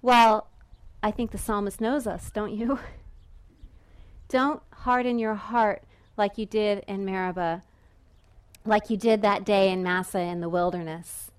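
A woman preaching a sermon in a lively, conversational way, now and then acting out the voices of the people in the story. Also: mid-range voice, a little slow, smooth. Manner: lively and conversational, acts out voices of Israelites and God. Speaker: pastor.

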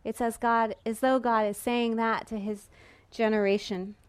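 A woman preaching a sermon in a lively, conversational way, now and then acting out the voices of the people in the story. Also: fairly high pitch, normal speed, smooth. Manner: lively and conversational, acts out voices of Israelites and God. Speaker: pastor.

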